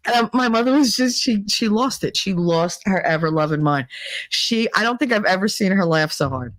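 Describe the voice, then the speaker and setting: A middle-aged woman hosting a podcast, telling a story casually, laughing often and acting out quotes in a higher voice. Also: no echo, clean studio sound. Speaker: podcast host.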